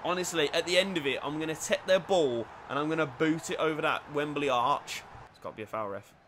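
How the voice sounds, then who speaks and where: Bright-voiced excitable gamer man. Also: a little high, brisk, a little hiss or hum. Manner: swings from quiet mutters to shouting, swears, banters. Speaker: gaming YouTuber. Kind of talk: excited football game commentary.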